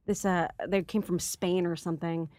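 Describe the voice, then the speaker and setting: A woman's voice: lowish voice, steady tone, normal speed, darkish tone, no room sound, clean studio sound. Chatty woman comedian, rambling stories. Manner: rambling storyteller, heavy on filler words. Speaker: stand-up comedian guest. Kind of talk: casual podcast chat.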